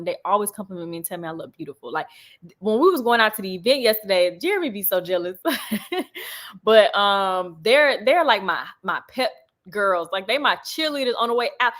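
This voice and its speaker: A young woman talking casually to her livestream viewers, reading and answering comments as they come in. Her speech is loose and chatty, often broken by laughter. Her voice sits at an ordinary middle pitch. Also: fairly bright tone. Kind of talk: casual chat.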